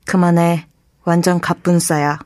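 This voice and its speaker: A woman's voice: on the low side, very fast, no room sound, clean studio sound, lightly acted. A woman playing an unimpressed young woman. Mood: exasperated. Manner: flat, exasperated, dismissive. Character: unimpressed young woman, tired of bad jokes. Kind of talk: scripted dialogue for a language lesson.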